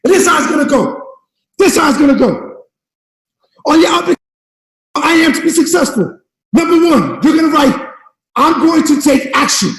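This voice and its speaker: A man giving a fired-up motivational speech on a team call, shouting and repeating himself like a preacher. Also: extremely high pitch, sing-song, brisk, pauses often, echoey room, long reverb tail, low-quality recording. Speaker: network marketing leader.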